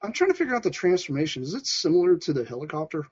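Giggly husky-voiced man chatting. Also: fairly high pitch, racing, dry recording, highs cut off. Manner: giggly, excitable, stammers on 'and'. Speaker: podcast co-host. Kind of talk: casual toy collector chat.

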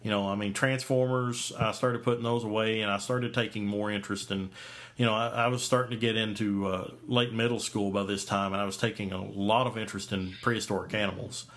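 A man in his forties hosts a podcast and talks in a casual, rambling way, full of fillers and restarts. His voice sits a little low. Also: level tone, brisk, a bit bright. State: hiccups. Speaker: podcast host. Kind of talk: casual chat.

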